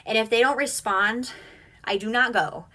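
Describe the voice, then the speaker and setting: Bright, chatty woman in her thirties, casual at-home live host, reads and answers comments. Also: fairly high pitch, normal speed. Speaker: reseller hosting a weekly live stream. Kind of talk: casual live-stream chat. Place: home at night with kids asleep nearby.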